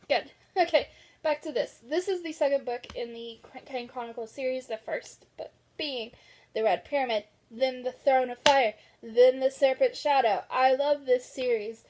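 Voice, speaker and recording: A woman's voice: sits high, darkish tone. A young woman vlogging about books in casual chat, chatty and gushing, laughing often. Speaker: book vlogger.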